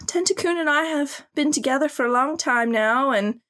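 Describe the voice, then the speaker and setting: A woman doing a high, flustered voice for a shy young anime girl as she recaps a cartoon scene. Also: normal speed, a bit bright.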